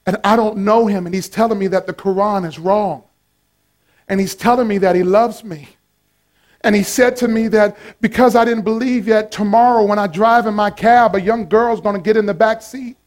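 A man's voice: sits high, fairly even intonation, moderate pace, voice pushed down, natural voice. A man voicing a tearful grown cab driver who tells of his dream in an earnest, confessional way.

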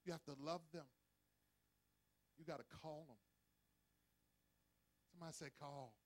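A male pastor with a notably high voice delivers a sermon. He draws the congregation into call-and-response and climbs to shouted peaks. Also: measured pace.

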